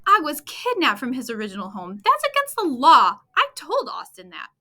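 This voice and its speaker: A high, lively storybook schoolgirl, earnest and indignant, as a woman reads her lines aloud. She speaks up brightly and with plenty of bounce, pressing her point. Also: moderate pace, full character voice. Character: upset eager schoolgirl.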